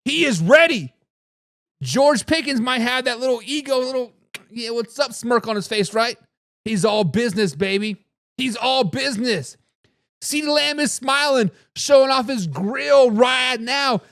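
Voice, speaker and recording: A man with a strikingly high, bright voice hosts a fan sports show, pumped up and riffing on his team. He calls out repeated catchphrases and fires back at viewer comments, a beer in hand, all captured with a close, dry sound. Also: expressive, unhurried, no echo. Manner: hype, repeats catchphrases, says "baby"; reads and answers viewer comments. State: drinking beer. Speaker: sports talk host. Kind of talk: hyped live sports talk.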